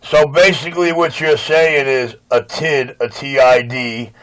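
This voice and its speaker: A man's voice: medium pitch, little pitch movement, a little slow, a bit bright, rough recording. A man bragging and mocking his rival on a CB radio channel. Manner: boastful and mocking. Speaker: CB radio operator. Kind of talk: trash-talking radio banter.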